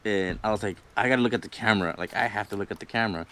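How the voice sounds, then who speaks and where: A man's voice: lowish voice, very fast, pushed and bright, a little hiss or hum. A young man casually telling a personal ghost story on a livestream, rambling, swearing freely and laughing between lines. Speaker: guest storyteller.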